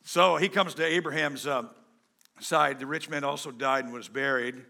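A pastor preaching a sermon in a joking, conversational way, swinging between loud and soft. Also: male voice, medium pitch, fairly even intonation, normal speed, gravelly.

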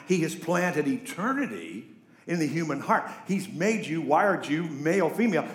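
Guy pastor preaching, voice goes quiet then big and loud, lots of echo in the church. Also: fairly high pitch. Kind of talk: sermon. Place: church sanctuary.

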